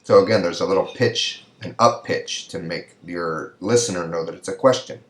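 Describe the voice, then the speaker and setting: Deep-voiced man lecturing in an echoey room. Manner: slow and careful, drawing out example sentences to show rising pitch. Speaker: Spanish lecturer. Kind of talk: recorded video lecture.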